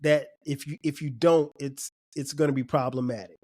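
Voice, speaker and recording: A man's voice: medium pitch, steady tone, moderate pace, darkish tone. A man hosting a podcast, laid-back and affirming, often repeating his words as he talks. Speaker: podcast host. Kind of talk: casual podcast conversation.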